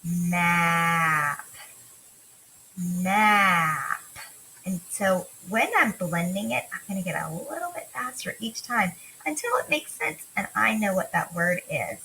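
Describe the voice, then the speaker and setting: A woman teacher giving a remote phonics lesson to young children, talking slowly in a sing-song way and drawing out letter sounds. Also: mid-range voice, big pitch swings, vocal fry, sharp tone, slight background noise, low-quality recording. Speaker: kindergarten teacher.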